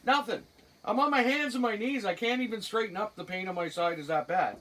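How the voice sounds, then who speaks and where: A woman's voice: medium pitch, brisk. Middle-aged cape breton lady telling a story, blunt and a bit salty, kinda far off the mic. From Cape Breton, Canada. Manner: blunt, salty, lively with chuckles. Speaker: storyteller guest. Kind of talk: casual spoken anecdote.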